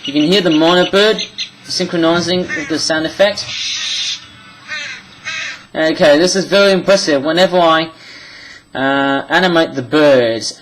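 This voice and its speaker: Man vlogger, rambling walkthrough, voice sits a bit high. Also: fairly bright tone, slight background noise, low-quality recording. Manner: rambling, with many restarts and apologies. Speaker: animation vlogger. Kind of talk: screen-recorded tutorial chat.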